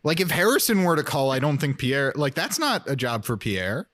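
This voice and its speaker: Man, casual co-host, rambling jokes, middling pitch. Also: sing-song, moderate pace, a bit bright. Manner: rambling, joking, laughs a lot. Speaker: podcast co-host. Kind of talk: casual chat recapping a show.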